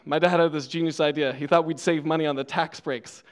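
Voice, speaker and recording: A young man giving a church sermon in a smooth, clear voice that sits a bit high for a man. He tells stories on himself and laughs easily, drifting from playful asides to plain teaching. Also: fairly even intonation, a little fast. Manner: playful, laughs often, self-deprecating. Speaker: preacher.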